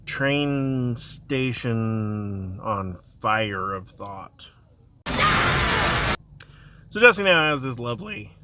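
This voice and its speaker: A man's voice: medium pitch, creaky, sharp tone, a little hiss or hum. A man telling a funny childhood story in a casual, rambling way, laughing often and drifting off on tangents. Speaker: dad telling a family story.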